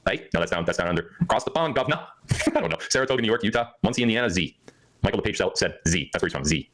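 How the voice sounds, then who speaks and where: A man's voice: deep voice, expressive, rapid-fire, a bit bright, low-quality recording. A man hosting a livestream, talking in a hyper, joking way and laughing often. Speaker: livestream host. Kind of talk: rambling livestream chat.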